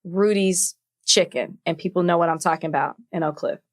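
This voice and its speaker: A woman's voice: on the low side, fairly quick. A woman from Dallas, co-hosting a podcast in casual chat, teasing and laughing often. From Dallas, Texas. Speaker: podcast co-host.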